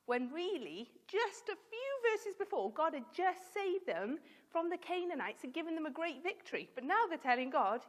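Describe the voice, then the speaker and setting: A woman's voice: high voice, sing-song, moderate pace. A woman leading a children's Bible talk in a church, telling the story expressively and asking the children questions. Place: church hall. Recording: long reverb of a church hall.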